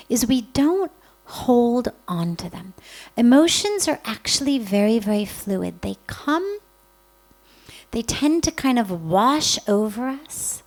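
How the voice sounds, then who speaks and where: Slow, gentle woman giving a spiritual talk. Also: a little high, low-quality recording. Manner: slow, gentle, reflective delivery with pauses. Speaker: spiritual teacher.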